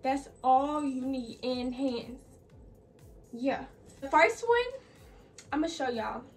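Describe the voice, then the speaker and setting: Slow-paced yet expressive, a young adult woman with a high-pitched voice talks through a clothing DIY tutorial for her fashion vlog. She's chatty and a little winded, peppering her speech with "like" and "y'all." The mic sits at a distance, and faint music plays behind her.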